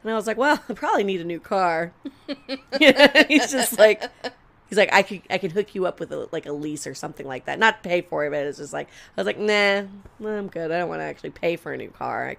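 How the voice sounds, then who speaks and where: A young adult woman co-hosts a podcast, spinning a long story in casual chat while acting out quotes and swearing freely. Her voice is on the low side, expressive, creaky, and a bit bright, and she talks fast.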